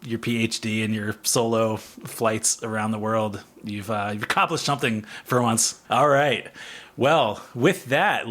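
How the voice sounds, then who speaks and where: A man's voice: mid-range voice, fairly bright tone. An American man co-hosting a podcast, chatting casually and teasing his co-hosts. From United States. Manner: joking, teasing. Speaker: podcast co-host.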